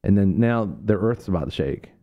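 A man hosting a Christian radio talk, telling stories in a rambling way with many fillers and restarts, and acting out quoted people in a sudden high voice. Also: expressive, moderate pace, dull audio. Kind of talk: preaching talk on a radio show.

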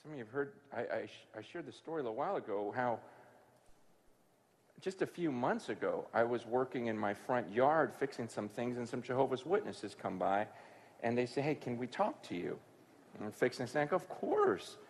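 A man preaching a sermon, telling a story in a conversational way that swings from hushed to sudden loud bursts. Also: mid-range voice, fairly quick, long reverb tail. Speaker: pastor.

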